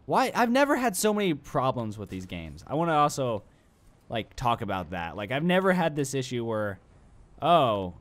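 A man's voice: mid-range voice, huge pitch swings, moderate pace. Rambling young man doing game commentary. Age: young adult. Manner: rambling, self-mocking, talks to the game. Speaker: let's play commentator. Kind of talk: gaming commentary.

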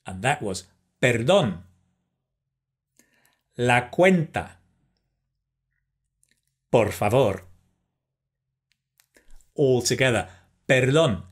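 A man teaching a beginner language lesson, speaking slowly and carefully and pausing so learners can repeat phrases. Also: medium pitch, expressive, husky. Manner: slow, careful, encouraging, pauses for repetition; switches between English and Spanish phrases. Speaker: Spanish teacher.

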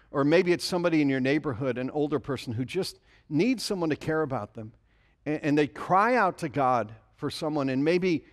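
Pastor, male, somewhat high voice, earnest sermon delivery that leans on repetition. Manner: earnest, repeats key phrases for emphasis; reads scripture aloud within the sermon.

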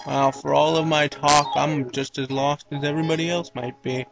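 A man chats through a video game with joking, self-mocking asides. His voice is gravelly and slightly high, and he talks slowly. Faint game music runs behind him. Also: little pitch movement, a bit bright, poor audio. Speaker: let's play commentator. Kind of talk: casual game commentary.

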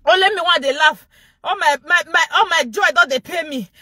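High, bright, laughing Nigerian woman. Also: a little fast, no echo. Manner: mocking, laughs loudly and often. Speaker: vlogger and show host. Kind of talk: gossip commentary vlog.

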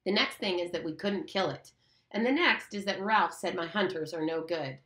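A woman's voice: fairly low pitch, normal speed, bright, forceful tone, reverberant. A woman voicing a proud, hot-tempered boy who leads the hunters, bossy and defiant in an audiobook reading.

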